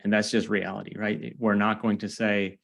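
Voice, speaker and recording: A man hosts a casual podcast interview in a low, level voice. He talks in a chatty, looping way, often circling back and restarting his sentences before landing the question. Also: flat delivery, moderate pace, creaky. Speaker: podcast host.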